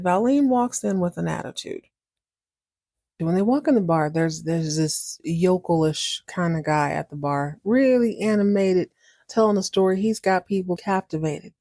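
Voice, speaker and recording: A woman hosting a podcast, recapping a TV episode in a chatty, animated way and acting out the characters. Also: fairly low pitch, no room sound, clean studio sound. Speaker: podcast host.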